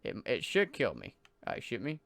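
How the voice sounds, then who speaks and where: A man's voice: mid-range voice, wildly swooping pitch, normal speed, gravelly, fairly bright tone, no echo. A man giving casual, enthusiastic commentary over gameplay footage in a loose, conversational way. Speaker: gaming channel creator.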